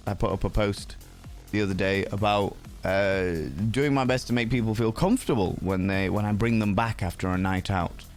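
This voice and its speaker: A man hosts a casual livestream and greets viewers with cheeky, playful banter. His voice sits on the low side and he sounds a bit sleepy. Faint music plays under his talk. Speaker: livestream host.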